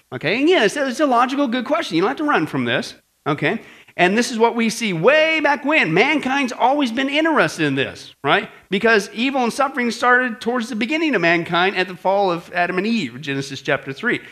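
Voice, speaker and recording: A man's voice: high-pitched, bright, forceful tone. A man teaching a Bible class in a conversational sermon style, often asking the audience questions and acting out quoted voices.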